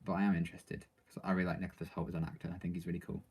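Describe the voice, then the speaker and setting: A man's voice: sits low, level tone, rapid-fire, gravelly, a little mellow, slightly rough. A man reading out viewer questions and answering them in casual, rambling live-stream chat, full of ums and likes.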